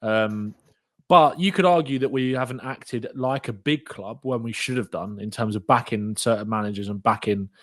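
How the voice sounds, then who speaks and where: A man's voice: medium pitch, moderate pace. A man co-hosting a podcast in easy, casual chat. His talk is loose and conversational, peppered with "like". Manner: relaxed, conversational, says "like" often. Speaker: podcast co-host.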